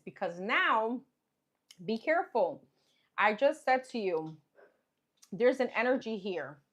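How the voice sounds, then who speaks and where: Chatty woman reading tarot aloud. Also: mid-range voice. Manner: chatty, musing, repeats "okay" and "what's coming up" while pulling cards. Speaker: tarot reader.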